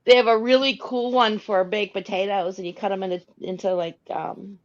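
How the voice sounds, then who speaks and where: A woman's voice: medium pitch, steady tone, normal speed, highs cut off. A woman co-hosting a radio talk show, upbeat and chatty. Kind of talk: casual chat.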